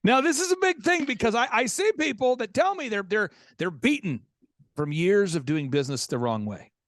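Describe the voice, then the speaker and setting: A man's voice: high voice, lively intonation, normal speed, fairly bright tone, dry recording, clean studio sound. A man hosting a business coaching show, telling stories in an emphatic way and repeating words as he builds up a point. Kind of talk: animated storytelling.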